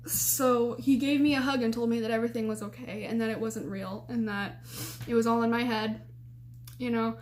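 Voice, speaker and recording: A woman in her twenties telling a story to the camera, chatty and loose, with "like" and "you know" scattered everywhere. Her voice sits a bit higher than most women's. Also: steady tone, a little fast, slight background noise. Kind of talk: casual storytime vlog.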